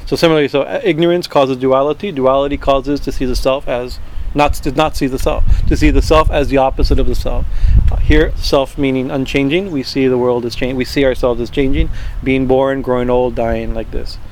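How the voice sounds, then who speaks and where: A man teaching a verse-by-verse scripture class, chanting Sanskrit words slowly and then translating them, with many fillers and restarts. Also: mid-range voice, steady tone, darkish tone, slight background noise.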